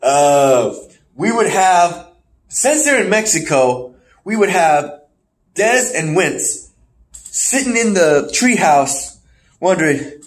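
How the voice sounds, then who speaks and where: A man's voice: sits high, sing-song, takes it slowly, pauses often. A man hosting a podcast, casually recapping wrestling shows and acting out the wrestlers in put-on voices. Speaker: podcast host.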